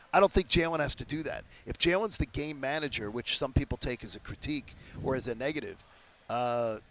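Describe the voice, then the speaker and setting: A man in his fifties from the Philadelphia area, a sports radio guest telling stories with animated emphasis in a casual interview. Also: medium pitch. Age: 50s.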